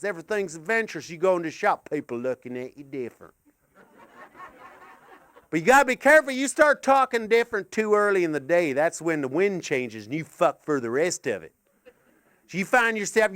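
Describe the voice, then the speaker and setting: An older man performing a rambling, absurd stand-up comedy set at a live gig in a gallery, sweary and swinging from muttering asides to shouted rants. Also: sits high, dry recording, clean studio sound.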